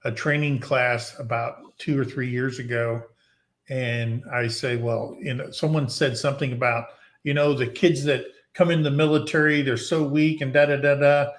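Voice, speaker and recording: A man's voice: mid-range voice, fairly even intonation, moderate pace. A man in his sixties hosting a casual chat and telling a folksy story, acting out the dialogue.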